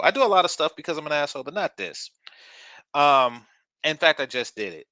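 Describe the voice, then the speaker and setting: A man's voice: medium pitch, sing-song, fairly quick, bright, forceful tone, dry recording. A man hosting a reaction commentary channel, talking in a blunt, crude and mocking way.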